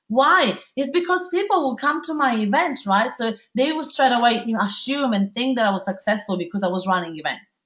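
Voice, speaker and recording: An Italian-accented woman hosts a live online webinar, talking eagerly and chattily to her audience. Her pitch sits at an ordinary middle height for a woman, and she often checks in with a questioning "right?". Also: a bit bright. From Italy. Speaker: webinar host, life coach.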